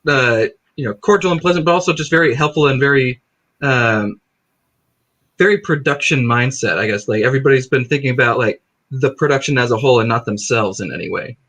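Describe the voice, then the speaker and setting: A man's voice: mid-range voice, brisk, a bit bright. A man who acts in a stage play, chatting casually in an interview with many fillers and restarts.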